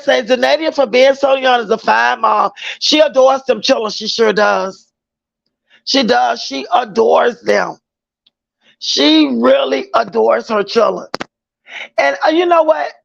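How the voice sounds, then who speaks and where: Woman livestream host, very gravelly high voice, dry lo-fi sound, greets viewers by name, loose slangy chat. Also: a bit bright.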